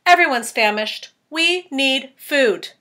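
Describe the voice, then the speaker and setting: Brief: a woman playing a boastful, jolly male storybook centipede, lively pitch. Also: slow pace, exaggerated voice. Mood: hearty. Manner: hearty, boastful. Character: cheery proud male centipede.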